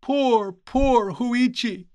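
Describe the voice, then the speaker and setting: A man reading aloud, voicing a distressed old priest in a high, anguished tone with a slow lament. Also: darkish tone, clear, resonant tone, no echo. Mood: remorseful. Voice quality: pitched well above the reader's own voice.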